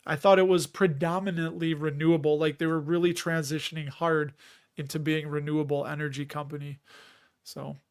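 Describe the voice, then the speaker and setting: A man's voice: fairly high pitch, flat delivery, a little fast, smooth. A middle-aged man casually chatting on a livestream, reading viewer comments, laughing often and restarting words. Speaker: livestream host.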